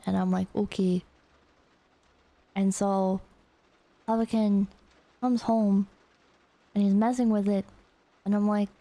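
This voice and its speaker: A woman streamer telling a story in a rambling, animated way with casual swearing. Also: medium pitch, creaky.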